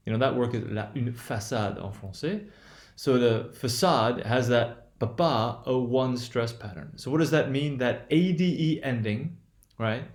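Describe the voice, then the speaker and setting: A man who teaches English pronunciation gives a recorded lesson in a middle-pitched, darkish voice. He speaks hesitantly and searchingly, full of fillers and restarts, explaining slowly and circling back to repeat his points. His voice rings in a noticeably echoey room.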